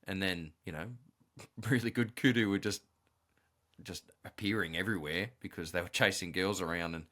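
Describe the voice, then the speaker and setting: A man's voice: sits low, moderate pace, a bit bright. A man hosting a podcast, talking in an easygoing, anecdotal way. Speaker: podcast host. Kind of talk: casual conversation.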